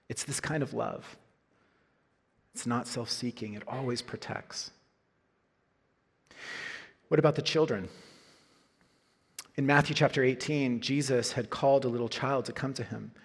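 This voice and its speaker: Male pastor, sermon delivery, earnest, slightly husky voice, conversational asides. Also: medium pitch. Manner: earnest preaching, frequent "right?" asides.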